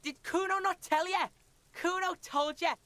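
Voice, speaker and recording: A woman's voice: very high voice, fairly even intonation, unhurried, a bit bright, no echo. A woman voicing a swaggering, crude young boy in a video game who talks about himself in the third person. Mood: cocky. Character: foul-mouthed, cocky young boy.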